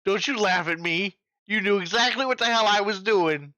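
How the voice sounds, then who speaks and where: A man's voice: high-pitched, normal speed, pushed and bright, no echo. A man in his forties hosting a trivia night in casual chat, joking, swearing freely and making sound-effect noises. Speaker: trivia host.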